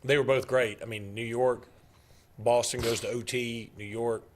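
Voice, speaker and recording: A man co-hosts a casual sports talk radio show, voicing strong opinions and joking around. His voice sits at an ordinary middle pitch. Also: level tone, moderate pace, a little hiss or hum.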